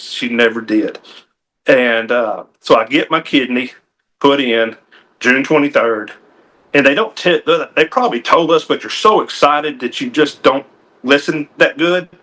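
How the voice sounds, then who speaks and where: A man tells a personal story in a TV interview, his voice bright and clear. He talks in a folksy, earnest way, often restarting his sentences with an "uh." He is a game warden speaking plainly. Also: medium pitch.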